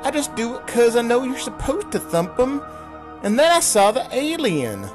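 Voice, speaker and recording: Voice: high-pitched, huge pitch swings, slow, music in the background, pitched above the performer's own voice, heavily acted. A performer voicing a flustered shopper who stammers nervously through a strange encounter. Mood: rattled. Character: flustered, rattled grocery shopper.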